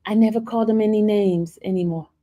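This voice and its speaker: This livestream host chats casually but defensively with her viewers, calling them y'all and laughing a lot. Her medium-pitched voice has a dark tone, fairly even intonation and a fast pace.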